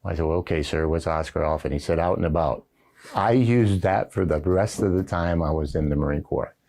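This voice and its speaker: Older man, very deep voice, gravelly, retired general, folksy storytelling, recorded interview. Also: a little fast, a little mellow. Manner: folksy anecdotal storytelling with frequent fillers. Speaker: retired Marine general telling stories. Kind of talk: recorded oral history interview. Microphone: camera setup with interviewer behind it.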